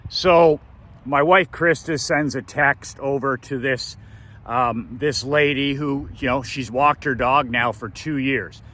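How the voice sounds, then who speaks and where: A man's voice: mid-range voice, slow pace, bright, forceful tone. A middle-aged man from Canada, telling a family story in a casual vlog. He is emphatic and repeats phrases for effect. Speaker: business coach.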